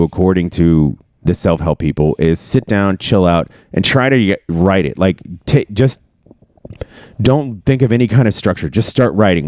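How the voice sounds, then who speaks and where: A man's voice: low voice, darkish tone, no echo, clean studio sound. Man rambling in a casual chat. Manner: rambling, candid, swears. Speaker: podcast host.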